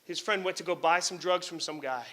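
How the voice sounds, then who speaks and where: A middle-aged man from New Jersey, a lawyer and author giving a public talk, telling a story in an animated, candid way, swearing casually and chuckling at his own remarks. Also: fairly high pitch, a little fast.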